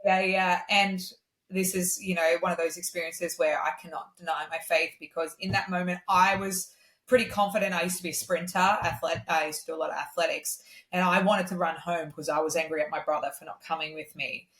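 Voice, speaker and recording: A woman speaks as a guest, candid and earnest as she tells her stories in easy conversation. Her voice sits a little low for a woman. The room around her adds a clear echo. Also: steady tone, fairly quick, a bit bright. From Australia. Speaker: guest singer-songwriter. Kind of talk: casual conversation. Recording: roomy echo.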